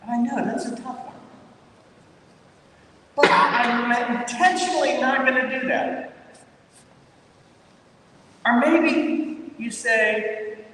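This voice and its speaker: High-voiced pastor preaching in an echoing hall. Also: male voice, takes it slowly, pauses often, sharp tone. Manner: conversational, repeats himself, lots of "you know" and "maybe". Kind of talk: sermon. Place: large church sanctuary. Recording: echoey church hall from far off, faint rumble.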